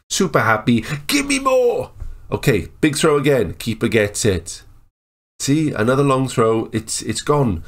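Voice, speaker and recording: A man giving casual, excitable commentary over a football management game, chatting and joking as the match plays. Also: on the low side. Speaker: gaming YouTuber. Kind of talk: casual Let's Play commentary.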